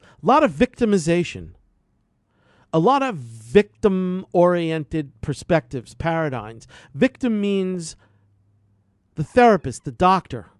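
A man's voice: high voice, sing-song, takes it slowly, no room sound, studio quality. Preachy man hosting a radio health show. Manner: preachy, repetitive, emphatic. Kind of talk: impassioned radio monologue.

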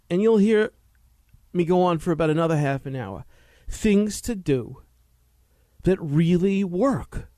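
A high-pitched man hosting a health talk show, firing off rhetorical questions in a preachy, lively lecture. His voice is dry and close, with no room sound around it. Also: dry recording. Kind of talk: animated health talk monologue.

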